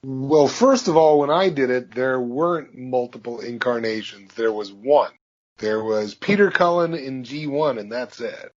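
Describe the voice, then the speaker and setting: A man, a voice actor being interviewed, telling stories in a relaxed, anecdotal way. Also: medium pitch, measured pace. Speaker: voice actor guest. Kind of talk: interview answers, storytelling. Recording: dull lo-fi audio.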